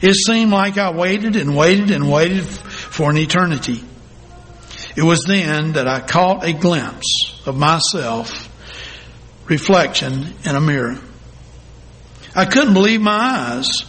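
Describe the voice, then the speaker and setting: Slow-speaking male pastor in a reverberant hall. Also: on the high side, animated, a bit bright, slight background noise. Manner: slow, deliberate reading with dramatic pauses. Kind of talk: sermon storytelling.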